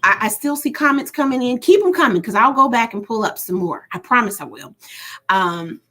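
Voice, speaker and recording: This is a woman hosting a casual livestream. Her voice sits somewhat high and moves through a wide, animated range. She teases and jokes as she reads comments from viewers. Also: fairly quick. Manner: animated, teasing, laughs often. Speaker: livestream host. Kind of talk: casual live-stream chat reading comments.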